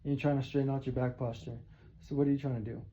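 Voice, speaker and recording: A man's voice: mid-range voice, little pitch movement, racing, warm tone, lo-fi sound, slight background noise. A man rambling and swearing heavily in a monologue to camera, sitting on his bed. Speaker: vlogger. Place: bedroom, seated on bed.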